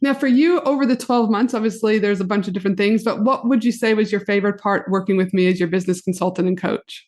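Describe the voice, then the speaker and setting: A woman's voice: mid-range voice, quick pace, few pauses. Giggly woman podcast host. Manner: giggly, animated storyteller. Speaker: podcast host, business coach. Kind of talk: casual interview chat. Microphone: video call.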